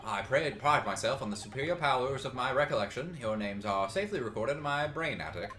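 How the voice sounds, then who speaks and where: A man voicing a pompous, eccentric male gentleman detective while reading game dialogue aloud in a theatrical, boastful manner. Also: mid-range voice, animated, brisk, soft background music. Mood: grandiose.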